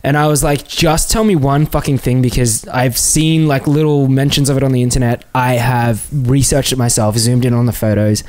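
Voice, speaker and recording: Man, podcast co-host, animated and foul-mouthed, mid pitch. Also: normal speed, few pauses. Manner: animated, sweary, ranting. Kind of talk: casual chat.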